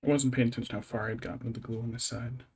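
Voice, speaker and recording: A man's voice: medium pitch, flat delivery, racing, darkish tone, slightly rough. Man rambling while painting on stream. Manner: rambling, muttering to himself and his cat; wry, mock-dramatic complaints. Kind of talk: casual livestream chat while working.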